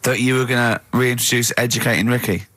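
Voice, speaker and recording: A man's voice: medium pitch, fairly even intonation, quick pace, sharp tone. A man in his forties, a radio host bantering in casual chat with teasing quips. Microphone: studio microphone.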